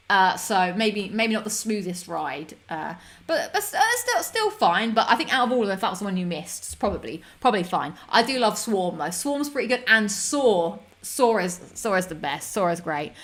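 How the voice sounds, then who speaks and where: A woman's voice: on the high side, a bit bright. A woman hosting a casual stream, reading out chat messages in an upbeat, giggly way with lots of fillers. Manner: chatty, upbeat, giggly, many fillers and restarts.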